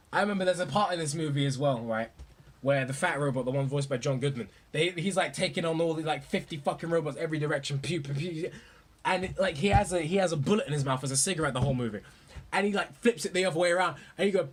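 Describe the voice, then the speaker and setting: A young man ranting about movies in a profane, excitable, rambling way. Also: on the high side, husky. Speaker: movie vlogger. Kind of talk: casual ranting commentary.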